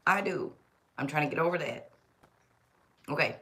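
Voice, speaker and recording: A woman's voice: low-pitched, lively intonation, moderate pace, pushed and bright, a little hiss or hum. A woman hosting a tarot live stream, chatting casually and rambling, often talking to herself. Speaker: tarot reader livestream host. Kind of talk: casual livestream chat.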